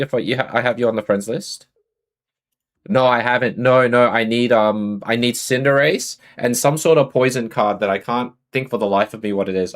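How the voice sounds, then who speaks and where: A man with an Australian accent chatting casually on a live stream, greeting and answering his viewers. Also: mid-range voice.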